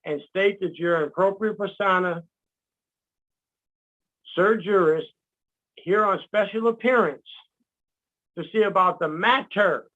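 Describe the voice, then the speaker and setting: A man teaching in casual talk, animated, acting out quotes and laughing at his own jokes. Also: sits high, measured pace, long pauses. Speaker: guest speaker. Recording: dull lo-fi sound.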